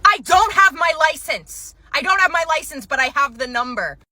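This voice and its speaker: A woman's voice: on the high side, brisk, bright, forceful tone. A woman voicing an angry, entitled female customer who keeps insisting and complaining. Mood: insistent.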